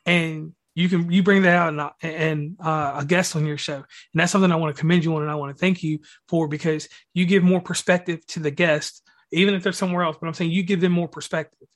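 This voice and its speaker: Male podcast host, fairly high pitch, rambling slangy praise. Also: fairly even intonation, fast talker. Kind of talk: casual interview talk.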